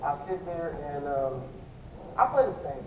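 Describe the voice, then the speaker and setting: Answering questions about his drumming, a man talks to an audience from a large indoor event hall stage in a loose, slangy manner, rambling and starting sentences over. His slightly high, a little mellow voice has lively intonation and a measured pace, recorded from afar in a dull, echoey hall with slight background noise.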